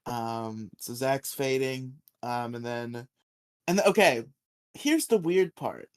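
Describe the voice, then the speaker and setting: Podcast dude recapping a show, laughs a ton, does little voices, pretty middle pitch. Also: male voice, slow, smooth. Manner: animated, laughs often, acts out characters' lines. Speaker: podcast co-host. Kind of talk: casual recap chat.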